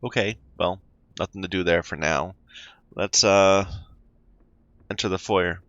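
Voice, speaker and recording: A man's voice: low voice, steady tone, a little slow, fairly bright tone, dry recording, dull audio. A man playing a story game, reading its text aloud and chatting about his choices, stumbling over unfamiliar words. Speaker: let's play gamer.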